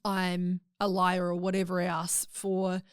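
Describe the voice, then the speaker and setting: A woman's voice: fairly low pitch, completely flat delivery, slow, smooth, no echo, clean studio sound. A woman guest on a podcast, telling a personal story in a candid, emotional way in casual chat.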